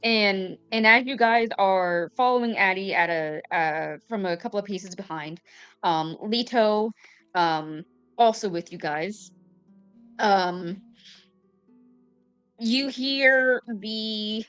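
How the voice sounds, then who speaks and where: A woman narrating a tabletop game as game master, with unhurried, filler-laden delivery. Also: mid-range voice, a bit bright, clean tone, faint music behind.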